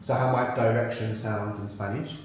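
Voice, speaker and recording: A man's voice: fairly low pitch, steady tone, moderate pace, a little hiss or hum. A man teaching at a live workshop, patiently asking learners questions and walking them through each step. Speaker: language teacher. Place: large live venue with audience. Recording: very echoey hall.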